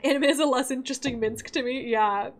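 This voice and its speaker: A woman's voice: high-pitched, fast talker. A young woman streaming a game, chatting in a bubbly, giggly way and greeting her chat by name. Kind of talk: casual livestream chat.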